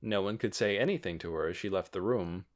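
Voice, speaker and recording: A man narrating an audiobook with expressive reading. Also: low-pitched, fairly quick.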